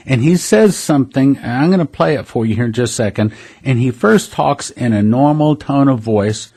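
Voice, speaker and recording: A man's voice: medium pitch, darkish tone. Earnest man preaching prophecy talk. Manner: earnest, conversational, addresses listeners as brothers and sisters. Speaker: prophecy ministry host. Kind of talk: preaching commentary monologue.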